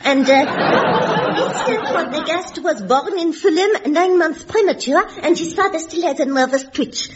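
A woman's voice: high voice, lively intonation, unhurried, a loud crowd. A woman playing a game show hostess in a comic radio sketch, announcing in a chirpy way. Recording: dull old radio recording with noise.

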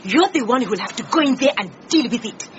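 A woman acting a quick-tempered office secretary in a radio drama, scolding and arguing. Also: fairly high pitch, lively intonation, background noise, close to an everyday voice. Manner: scolding, argumentative. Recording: dull lo-fi radio drama recording.

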